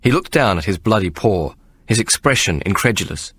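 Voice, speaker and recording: A man narrating an audiobook with measured, expressive storytelling. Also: lowish voice, slightly rough. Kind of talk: scripted narration.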